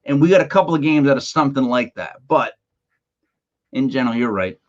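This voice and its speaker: A man hosts a casual sports podcast, talking emphatically and conversationally and sometimes repeating words as he starts a sentence. His mid-range voice is animated and a little fast, and the high frequencies are cut off.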